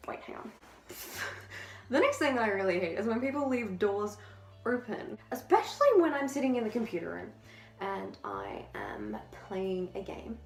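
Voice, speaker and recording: Teen girl vlogger, breathless and giggly, casual swearing, roomy echo. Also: a little high. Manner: chatty, swears casually, laughs often. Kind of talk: casual chat to camera. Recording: echoey room.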